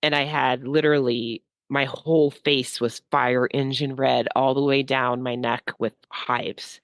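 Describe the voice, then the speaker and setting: A woman's voice: very deep voice, flat delivery, unhurried, no room sound. A woman speaking as a psychic guest, rambling and heartfelt, with frequent "like" fillers. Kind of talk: casual spiritual talk.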